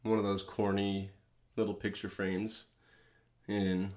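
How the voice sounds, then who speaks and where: A middle-aged podcast co-host speaks slowly in a low, slightly mellow voice that barely moves in pitch. The talk is casual and laid-back, with laughter running through his stories.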